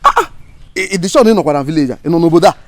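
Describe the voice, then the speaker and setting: Casting: a man doing a showy Nigerian big man in a comedy film, flattering and boastful, lively voice. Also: a little high, rapid-fire. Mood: bragging. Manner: bragging, flattering. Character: self-important wealthy man boasting of charity.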